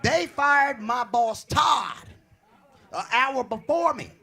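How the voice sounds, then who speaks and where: Brash, animated male stand-up comic. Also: very high-pitched, slow, raised voice. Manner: brash, profane, animated storytelling. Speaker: stand-up comedian. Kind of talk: stand-up comedy set. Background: live audience.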